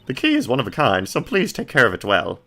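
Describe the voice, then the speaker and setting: A man's voice: mid-range voice, huge pitch swings, quick pace, bright, forceful tone, voice pushed up, full character voice. Man doing a prim old auntie, raised voice, formal and stiff. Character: stern older woman, a formal head of the family.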